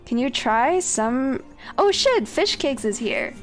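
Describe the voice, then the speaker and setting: A woman's voice: high-pitched, very animated, takes it slowly, soft background music. A woman streamer chatting casually with her viewers while she plays, swearing freely. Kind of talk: casual gameplay commentary.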